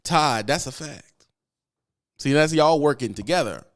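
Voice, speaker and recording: A man who streams about trucking, talking in an animated, slangy, teasing way and reading chat aloud. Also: fairly high pitch, measured pace. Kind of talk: casual live-stream chat.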